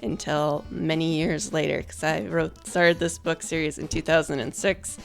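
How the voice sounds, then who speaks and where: A woman's voice: sits low, level tone, moderate pace, gravelly, soft background music. A young woman in casual chat, announcing her book in an upbeat, chatty way that pokes fun at herself. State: out of breath at first. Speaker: vlogger and author.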